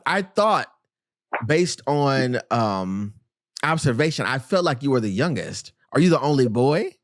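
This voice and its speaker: A man's voice: medium pitch, sing-song, a little slow. A man hosting a podcast interview, teasing his guests playfully and laughing often. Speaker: podcast host. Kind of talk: casual interview.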